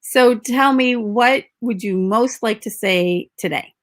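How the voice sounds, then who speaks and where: A woman's voice: fairly high pitch, takes it slowly. Woman host of a live-streamed podcast, upbeat and encouraging. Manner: encouraging, upbeat, gently prompting.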